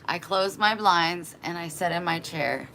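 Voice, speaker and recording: Lively woman telling a story. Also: fairly low pitch, unhurried, creaky, slight background noise. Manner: animated, exasperated retelling. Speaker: vlogger. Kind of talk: casual storytelling to a live chat.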